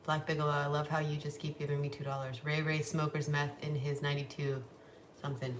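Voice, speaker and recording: In a low-pitched voice with flat delivery, a young livestream vlogger chats a little fast from a room at home. She swears bluntly, coos to her dogs between stories, and is heard through a noisy, echoey setup with the mic placed far away.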